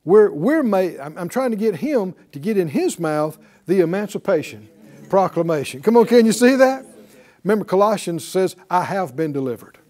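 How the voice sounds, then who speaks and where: An older male preacher delivers a sermon, drawing responses from his listeners with hallelujahs and questions. His voice sits high and swoops with lively intonation as he acts out both sides of a remembered conversation. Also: normal speed.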